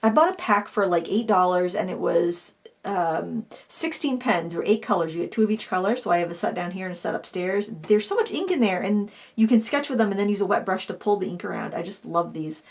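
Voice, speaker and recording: A woman's voice: mid-range voice, animated, a little fast. A middle-aged woman hosting an art channel, chatting casually as she pages through a sketchbook, with fillers and self-corrections.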